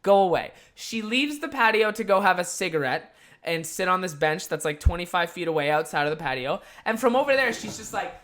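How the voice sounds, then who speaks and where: A man's voice: high voice, expressive, fairly quick, fairly bright tone. A young man hosting a podcast, telling a rambling, profane story in a casual way. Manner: profane, rambling, lots of filler words. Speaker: podcast host.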